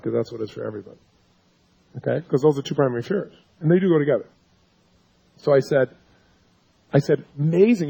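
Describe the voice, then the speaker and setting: A man coaches a seminar audience in a pitched-up, emphatic voice, pelting them with rhetorical questions. He acts out his own side of the conversations he describes. The recording is muffled and lo-fi. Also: gravelly, darkish tone. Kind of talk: live seminar lecture. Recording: dull lo-fi recording.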